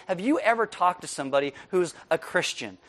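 A male pastor delivers a lively sermon in a high, bright voice. He laughs easily, keeps asking his listeners "right?", and swings between loud punches and quiet asides. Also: fairly quick, a little hiss or hum. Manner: laughs often while preaching.

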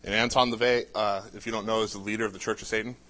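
A man's voice: on the low side, flat delivery, rapid-fire, a bit bright. A man telling his own life story in casual, conversational speech, with frequent "uh" fillers and restarts. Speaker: speaker sharing a personal testimony.

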